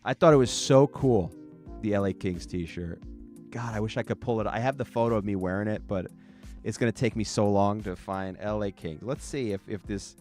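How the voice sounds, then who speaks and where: A man's voice: lowish voice, normal speed, darkish tone, soft background music. A man in his forties from the New York area, hosting a podcast and telling stories from his childhood in a rambling way, with many restarts and frequent laughter. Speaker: podcast host. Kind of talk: casual storytelling.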